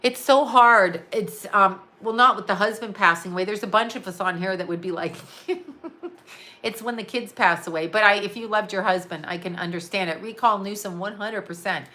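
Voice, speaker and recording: A woman's voice: mid-range voice, moderate pace, pushed and bright. A woman chatting casually on a live stream, rambling and blunt, laughing often and swearing freely. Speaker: psychic and astrologer answering live chat.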